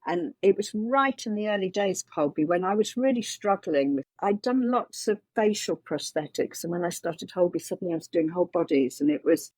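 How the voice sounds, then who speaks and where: A woman's voice: fairly low pitch, expressive, brisk, few pauses, darkish tone, no room sound. A middle-aged woman, a makeup designer, answering interview questions with earnest storytelling and frequent restarts.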